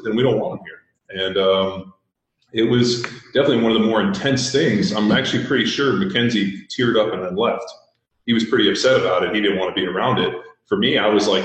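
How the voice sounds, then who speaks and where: Male podcast host, low-pitched, blunt and profane storyteller, strong room echo. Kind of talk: casual storytelling chat. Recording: very echoey room.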